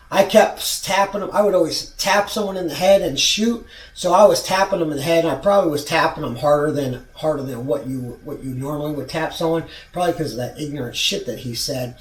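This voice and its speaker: A man in his forties telling a rambling, profane story from his own past in a casual vlog. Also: on the high side. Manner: rambling, profane, restarts a lot. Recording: roomy sound, far from mic.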